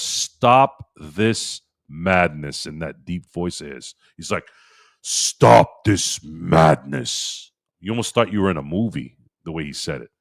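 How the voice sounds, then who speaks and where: A middle-aged man hosting a casual sports live-stream, excitable and animated, answering viewers in chat. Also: sits low, no room sound, clean studio sound. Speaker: sports podcast host.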